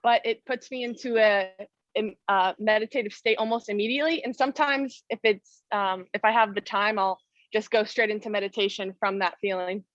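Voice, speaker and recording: A woman taking part in a class, quickly sharing her experience with fillers. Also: medium pitch, fairly even intonation, a bit bright, no room sound, highs cut off. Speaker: class participant. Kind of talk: casual sharing.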